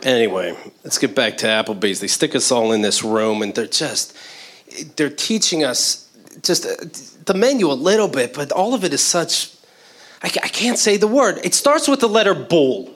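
A man's voice: on the high side, lively intonation, normal speed, a bit bright, slight background noise. A man doing stand-up comedy, telling stories with laughter and acted-out quotes.

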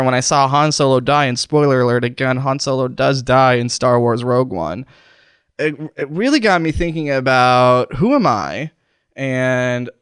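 Smooth-voiced man in a comic mock-dying monologue. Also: on the high side, dry recording, studio quality. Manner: mock-dying, pained and strained, breaking off mid-sentence. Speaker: podcast host. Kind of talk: comedic improvised monologue. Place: recording studio. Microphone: studio microphone.

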